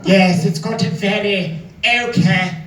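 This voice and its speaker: Snooty wealthy wine taster, played by a man, slow affected drawl, distant roomy sound. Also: high-pitched. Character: pompous wealthy male wine snob. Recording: echoey club, far from mic, loud crowd.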